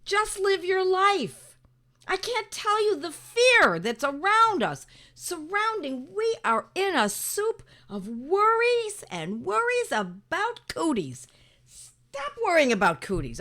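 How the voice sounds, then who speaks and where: A woman's voice: high-pitched, sing-song, takes it slowly, bright, forceful tone. A middle-aged woman talking emphatically to her viewers as host, mimicking other people's worries with exasperated asides. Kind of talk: casual monologue to viewers.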